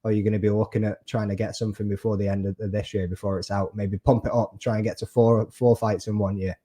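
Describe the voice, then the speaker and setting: A man's voice: on the low side, level tone, fast, dark tone. A man hosting a podcast interview, asking chatty, encouraging questions and calling his guest "mate".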